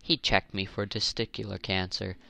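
A young man giving casual, rambling commentary while playing a zombie game, jokey and prone to exasperated high-pitched questions. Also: little pitch movement, normal speed, creaky, bright, forceful tone, no echo. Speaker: gaming channel host.

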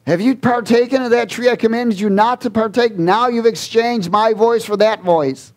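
A man's voice: extremely high pitch, moderate pace, pitched above the performer's own voice. A male preacher voicing God as stern and insistent, pressing hard with questions in a sermon. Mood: demanding.

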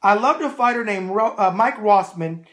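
Brash New man, animated. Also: sits high, normal speed. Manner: brash, animated, repeating a catchphrase. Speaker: boxing show host answering viewer mail. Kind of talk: casual solo video mailbag.

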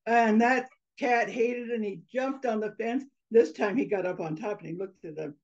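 Expressive woman storyteller. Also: mid-range voice, normal speed. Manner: expressive, mixes in Spanish phrases. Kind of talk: animated oral storytelling. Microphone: video call. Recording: slightly muffled online video call.

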